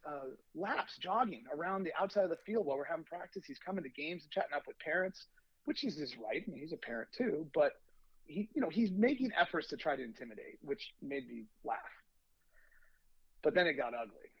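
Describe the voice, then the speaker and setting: Guy coaching little league telling a wild story, husky voice, dry dull mic. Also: on the high side, a little fast, no echo. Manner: animated anecdote, acting out quoted lines. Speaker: youth baseball coach. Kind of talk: storytelling on a podcast.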